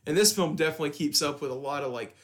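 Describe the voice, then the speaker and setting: A young man casually talking about a horror film as podcast co-host, in a loose, halting way with restarts. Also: on the high side. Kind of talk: casual film review chat.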